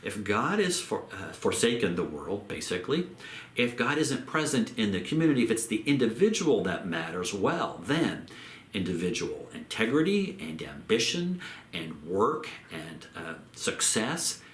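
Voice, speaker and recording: A man giving a theology lecture in a measured way, repeating phrases and slowing down on key terms. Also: fairly low pitch, big pitch swings, echoey room, slight background noise. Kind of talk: recorded lecture.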